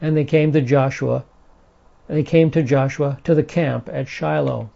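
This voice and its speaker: A man's voice: mid-range voice, fairly even intonation, a little slow, creaky, mellow. A man teaching the Bible verse by verse, explaining carefully, repeating key points and checking in with "okay". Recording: dull lo-fi recording.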